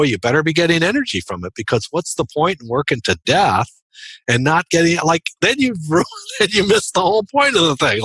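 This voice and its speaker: A man's voice: medium pitch, fairly bright tone, slightly rough, no echo. A man speaking as a podcast guest, telling a story earnestly in conversational interview style and often repeating words as he restarts.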